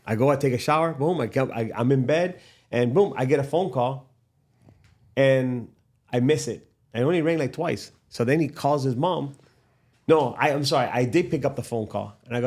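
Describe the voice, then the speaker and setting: A middle-aged man, a podcast guest and father, telling a story in a casual, animated way and acting out the dialogue. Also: medium pitch. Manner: animated, acts out quoted dialogue, laughs often.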